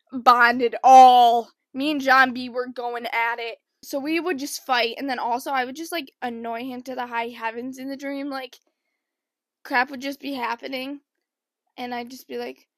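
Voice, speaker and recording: A young woman vlogger telling a rambling, animated storytime in casual chat. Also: high voice, moderate pace, no room sound, studio quality. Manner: chatty, rambling, animated impressions.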